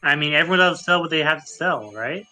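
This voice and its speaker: A man playing in a tabletop game who jokes and speaks in character. His voice is very bright and sharp, and it sits a little high. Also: expressive, fast talker, soft background music. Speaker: player.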